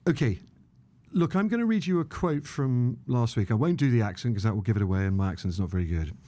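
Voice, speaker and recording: A middle-aged man, a journalist co-hosting a podcast, framing topics and questions in a brisk presenter manner. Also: medium pitch, lively intonation, warm tone.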